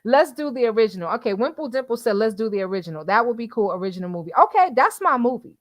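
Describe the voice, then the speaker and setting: A woman's voice: a little high, sing-song, fast, no room sound. A woman hosting a casual livestream who chats with her viewers, calls them y'all and laughs often. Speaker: livestream host reading the chat.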